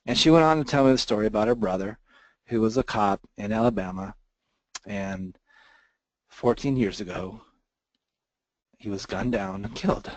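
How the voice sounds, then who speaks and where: Earnest man pitching, choked up. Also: normal speed, dry recording, poor audio. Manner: earnest, gets choked up telling a story. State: emotional, near tears. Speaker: webinar presenter. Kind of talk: emotional sales pitch.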